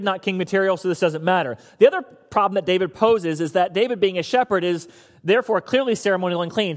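A man preaching a sermon as pastor, an animated storyteller who acts out the characters. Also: high-pitched, long reverb tail.

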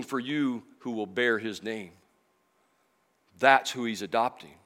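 A middle-aged man preaching a sermon in church, emotional, moving from loud emphasis to soft, slow passages. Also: mid-range voice. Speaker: pastor.

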